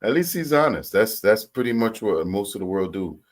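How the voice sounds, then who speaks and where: A man's voice: fairly low pitch, very animated, normal speed. A man hosting a reaction video who jokes, interrupts clips and talks to his viewers. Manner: jokey, interjecting, addresses viewers. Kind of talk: casual reaction commentary.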